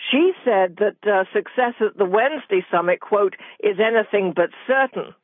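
A woman's voice: medium pitch, dry recording. British woman reporting news over a phone line. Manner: measured, with frequent ums and uhs. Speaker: news correspondent. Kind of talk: radio news report in conversation. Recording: muffled phone-line sound.

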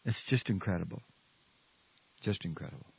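A man's voice: low-pitched, normal speed, creaky, husky, highs cut off. A man hosting a radio talk show, ranting furiously with stammers and profanity. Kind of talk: angry political rant.

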